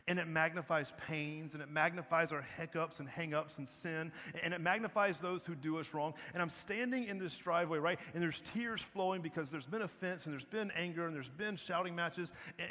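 A man's voice: fairly high pitch, sharp tone. A male pastor, preaching a sermon emphatically, repeating phrases and asking "right?". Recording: long reverb, faint music behind.

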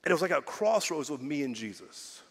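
A middle-aged male pastor preaching a sermon in a conversational way, with rhetorical questions and big swings between quiet and loud. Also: fairly high pitch, sing-song, brisk, slightly rough. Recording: long hall reverb.

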